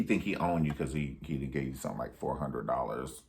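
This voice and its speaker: A man's voice: a bass voice, lively intonation, a little fast, darkish tone. A man recapping a film in a sassy, profane, theatrical way. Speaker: film reviewer. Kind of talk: casual movie recap.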